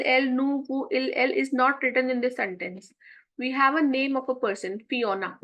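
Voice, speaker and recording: A woman teaching French grammar. She explains step by step, says French phrases slowly and then translates them. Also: high-pitched, fairly bright tone, low-quality recording. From India. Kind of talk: classroom explanation.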